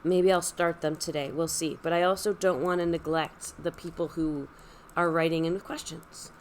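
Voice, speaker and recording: A middle-aged woman, hosting a casual chat while hoarse from a cold, with a husky, deep voice and a chatty, self-deprecating manner. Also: steady tone, normal speed, slight background noise. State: hoarse, losing her voice from a cold. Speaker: podcast host, yarn shop owner.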